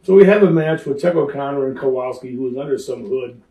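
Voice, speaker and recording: An older man, a former pro wrestler, telling lively stories in an interview and acting out the people in them. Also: mid-range voice, fast, distant mic. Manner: animated, acts out the people in his stories. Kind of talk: lively anecdotal storytelling. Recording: roomy echo, speaker off-mic.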